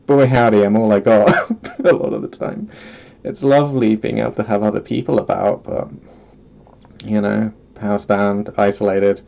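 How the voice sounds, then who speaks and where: A man's voice: lowish voice, gravelly, mellow, muffled recording. A man streaming from home, chatting casually in a rambling, self-deprecating way and often breaking into giggles. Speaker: vtuber streamer. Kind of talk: casual solo stream chat.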